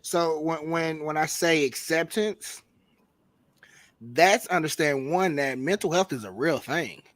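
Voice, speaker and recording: A man's voice: on the high side, lively intonation, slow pace, fairly bright tone, dry recording. A man with a stuffy, congested voice from a cold, talking loosely and slangily as a podcast guest. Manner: loose, slangy, swearing freely. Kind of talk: casual podcast chat.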